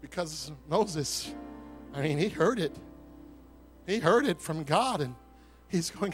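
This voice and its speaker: A man pastor preaching a sermon with an altar call, swinging between shouted fervor and hushed, intimate words. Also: a little high, expressive, slow, long pauses, faint music behind.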